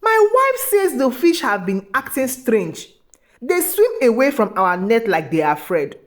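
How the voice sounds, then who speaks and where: An uneasy village fisherman confiding his worries, as a woman storyteller puts him on. The voice is fairly high, with lively pitch. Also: unhurried.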